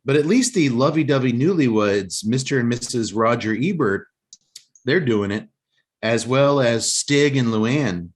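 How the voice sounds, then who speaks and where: A man's voice: medium pitch, animated, a little slow, slightly rough. A man hosting a casual talk show, rambling and joking as he recaps a movie plot. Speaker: podcast host.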